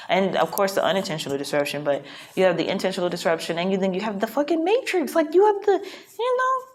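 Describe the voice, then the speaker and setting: A woman vlogging a casual, reflective monologue, rambling and frank with plenty of profanity, from a hotel room. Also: on the low side.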